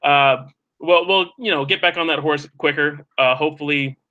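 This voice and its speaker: A man's voice: a little high, moderate pace, phone-quality sound. A man in casual podcast chat, teasing his friends and often restarting his sentences. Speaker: gaming podcast regular.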